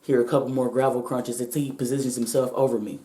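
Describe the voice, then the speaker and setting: A woman's voice: extremely low pitch, fairly even intonation, fast, mellow, roomy sound. A woman vlogger telling a personal story to her viewers, blunt, profane and emphatic, her voice shaking with nerves.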